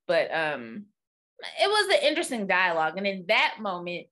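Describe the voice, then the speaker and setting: A woman's voice: mid-range voice, big pitch swings, moderate pace, bright, forceful tone. A woman co-hosting a podcast, chatting casually and rambling with fillers and asides. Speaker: podcast co-host. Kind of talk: casual chat.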